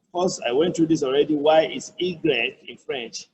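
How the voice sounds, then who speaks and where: A man's voice: fairly high pitch, a little mellow, slight background noise, low-quality recording. A man with a Nigerian accent teaching a French lesson, repeating and breaking down each phrase patiently. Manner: explains patiently, repeats phrases, slow careful French examples. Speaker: language tutor. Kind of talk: online language lesson.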